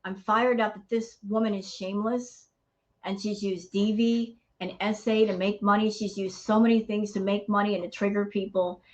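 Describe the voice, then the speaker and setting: A woman's voice: medium pitch, steady tone, normal speed, highs cut off. A woman hosting a reaction channel, ranting in heated commentary and calling her viewers y'all.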